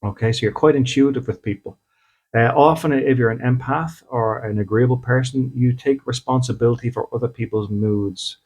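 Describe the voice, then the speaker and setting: A spiritual medium from Ireland, also a podcast host, talks at a moderate pace in a medium-pitched voice that's a little mellow and slightly rough. He keeps things conversational, acts out little scenes of dialogue, and often checks in with "okay?".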